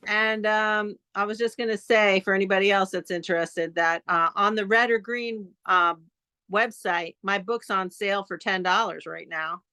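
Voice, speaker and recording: A woman poet at an open mic, reading her own poems over a phone on a video call in an earnest, measured way, with casual chat in between. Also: mid-range voice, steady tone, pushed and bright, clear, resonant tone, no room sound.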